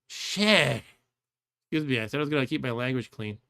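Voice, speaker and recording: A man's voice: mid-range voice, fairly bright tone, clear, resonant tone. A man streaming a game with casual commentary, chatty and rambling, laughing often.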